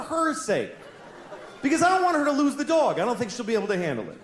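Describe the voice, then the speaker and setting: A man in his forties doing a stand-up comedy set, deadpan and exasperated, who jumps into loud squeaky put-on voices. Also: fast talker, crowd noise. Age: 40s. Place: large comedy venue, audience laughing. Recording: echoey live venue with noise.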